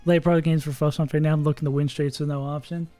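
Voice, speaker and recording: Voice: mid-range voice, level tone, fast, dark tone, no echo, faint music behind. A streamer casually talking through a game live, thinking aloud, laughing often and swearing now and then. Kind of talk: casual livestream commentary while playing.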